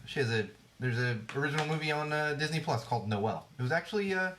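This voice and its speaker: A man's voice: fairly high pitch, expressive, fast talker, a bit bright, slight background noise. A man in his thirties hosting a podcast, rambling casually and sarcastically about TV trends with lots of fillers and restarts. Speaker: podcast host. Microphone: podcast microphone.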